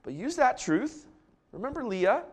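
A man's voice: very high-pitched, sing-song, unhurried, husky. A man who is a pastor, preaching a conversational sermon to a large congregation with joking asides. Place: church before a large congregation.

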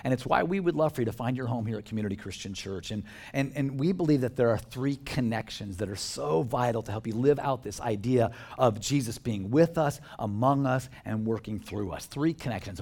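Animated male pastor preaching. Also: medium pitch, slightly rough. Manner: conversational and animated, jokes with the congregation. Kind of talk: sermon.

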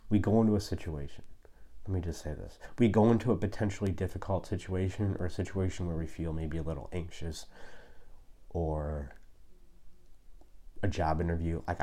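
A man's voice: low voice, mellow. A man in his thirties hosting a video, giving life advice in a casual, rambling, self-deprecating monologue.

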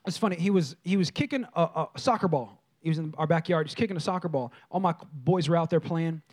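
A man's voice: on the high side, quick pace. A man preaching a sermon in church, telling stories and speaking directly to his congregation. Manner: lively storytelling preacher, addresses the congregation directly. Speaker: pastor.

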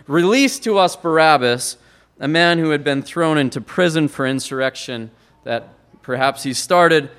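A man preaching a sermon, building to loud stressed words and then dropping to quiet, low phrases.

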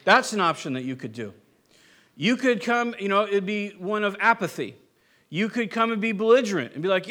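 High-voiced pastor chatting through a sermon. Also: male voice, lively intonation, brisk, bright, forceful tone. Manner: conversational, acts out quoted people, frequent "right?".

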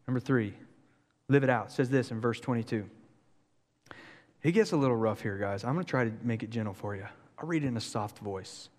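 A man preaching a sermon in an energetic, joking, conversational way. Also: fairly low pitch, a little fast, long reverb tail. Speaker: pastor.

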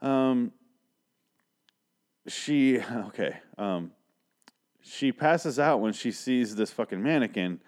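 A man's voice: medium pitch, expressive, slow pace, long pauses, darkish tone. A man casually recapping a TV episode, rambling and sarcastic, with frequent swearing. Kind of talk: casual commentary.

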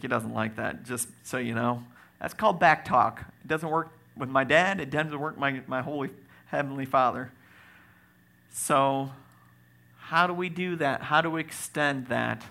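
A man preaching a sermon as pastor, swinging from loud exclaims to quiet asides, with joking moments. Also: medium pitch, fairly even intonation, unhurried, vocal fry.

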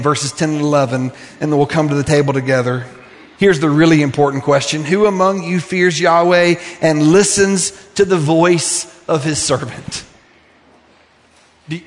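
A male pastor preaching with a high voice, earnest and pleading as he presses one rhetorical question after another. His voice rings with a long reverb in a large church sanctuary. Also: a bit bright. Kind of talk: sermon.

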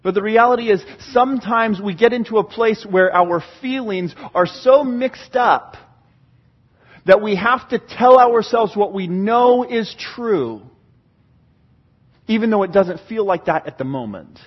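A man preaching a sermon in an earnest style, swinging from hushed passages to fervent ones. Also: high-pitched, expressive, measured pace, lo-fi sound. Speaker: pastor.

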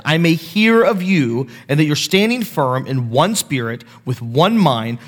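A man's voice: a little high, fairly bright tone. A man in his thirties preaching a sermon to his church on a handheld mic, casual and self-deprecating as he tells family stories. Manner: conversational, self-deprecating storytelling. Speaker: pastor. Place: church sanctuary. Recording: long hall reverb.

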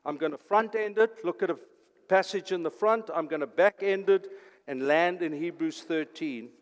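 Impassioned older preacher, high voice. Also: male voice, moderate pace, long reverb tail. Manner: impassioned, swings from loud urgent declaring to hushed near-whispers. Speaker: pastor. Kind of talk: sermon.

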